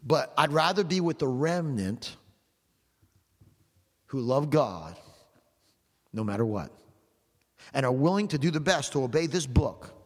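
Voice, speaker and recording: A man preaching a sermon in a church sanctuary, pressing his points home with repetition and emphatic cadence. His voice sits at a middle pitch, and a long reverb trails behind it. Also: lively intonation, unhurried, pauses often.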